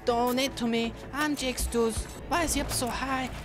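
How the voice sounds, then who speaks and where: A woman gaming streamer giving excitable gameplay commentary, with loud outbursts, swearing and jokes. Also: sits high, normal speed. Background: background music.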